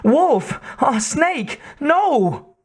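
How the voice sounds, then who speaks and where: A man voicing a nervous young male scientist who pleads in a high, breathless voice. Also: very animated, very slow, full character voice. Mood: pleading.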